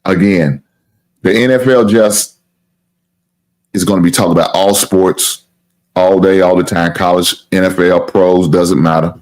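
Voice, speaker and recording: A deep, low-voiced man hosts a casual live sports stream, speaking unhurriedly with long pauses. The sports talk show host rambles, circles back, swears casually and keeps plugging his channel, all in a loose, relaxed tone.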